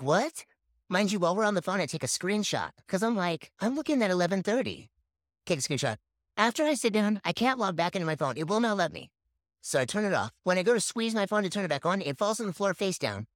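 A woman's voice: lowish voice, no room sound, studio quality. A woman telling a strange personal story in a casual, blunt way, swearing freely.

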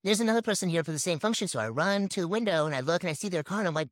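A woman's voice: fairly low pitch, expressive, racing, no echo, clean studio sound. A woman telling a strange personal story in a casual, blunt way, swearing freely.

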